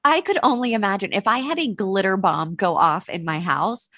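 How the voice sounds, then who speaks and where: A woman co-hosting a podcast, telling stories in a lively, casual way, swearing and laughing often. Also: mid-range voice, normal speed, no room sound. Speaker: podcast co-host. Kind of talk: casual chat.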